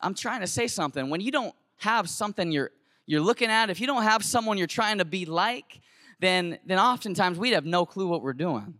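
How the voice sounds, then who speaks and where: Man, teacher, storytelling talk, slangy, animated, sharp tone. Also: high-pitched, fairly quick, no echo, clean studio sound. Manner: animated and conversational, slangy, with many restarts. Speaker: teacher and camp cabin leader.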